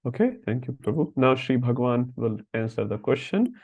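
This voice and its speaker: A man's voice: medium pitch, big pitch swings, normal speed, darkish tone, breathy edge. A man teaching an online scripture class, patiently calling on students by name over a video call. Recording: dull lo-fi call audio.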